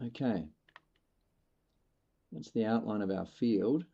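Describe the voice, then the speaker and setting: A man's voice: lowish voice, slow pace, gravelly, breathy edge, highs cut off. A man from Australia with a partly Americanized Australian accent, chatting casually and musing while he streams a game, swearing now and then. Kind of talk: casual live-stream chat while playing.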